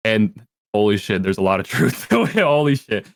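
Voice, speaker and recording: A man's voice: lowish voice, sing-song, moderate pace, gravelly, no room sound, studio quality. A young adult man talking as a podcast guest in a rambling, profane way, full of filler words. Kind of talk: casual podcast chat.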